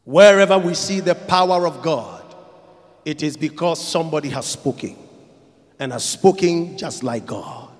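A pastor preaching a sermon, swinging between quiet lines and shouted ones and repeating phrases for emphasis. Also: male voice, fairly high pitch, a little slow, big-room sound.

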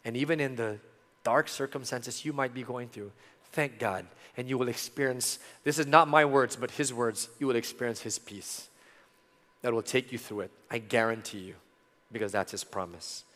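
Guy preaching, middle-aged, earnest, gets loud then goes real soft, big echoey hall. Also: mid-range voice, moderate pace. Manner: earnest, swings between loud emphasis and soft intimate tones. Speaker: pastor. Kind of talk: sermon. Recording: long hall reverb.

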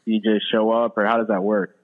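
A man's voice: lowish voice, flat delivery, a little fast. Guy on a podcast, kinda hesitant, lots of ums, dull lo-fi sound. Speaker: guest. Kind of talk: casual podcast chat.

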